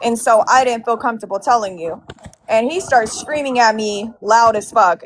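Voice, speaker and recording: A woman's voice: a little high, normal speed, a little hiss or hum. A woman casually recounting a heated fight with many fillers and restarts. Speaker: guest telling her side.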